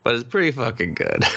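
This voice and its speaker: Bright-voiced man in laughing podcast banter. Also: gravelly, slight background noise, rough recording. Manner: laughs often, does high-pitched impressions. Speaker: podcast co-host. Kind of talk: casual profane chat.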